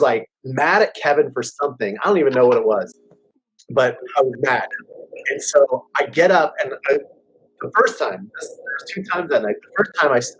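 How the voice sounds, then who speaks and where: A man in a casual band chat, telling tour stories, swearing and jumping his voice up high to act out what people said. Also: slight background noise, rough recording. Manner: animated, swearing, jumps high to act out quotes. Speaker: band member. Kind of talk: casual storytelling among bandmates.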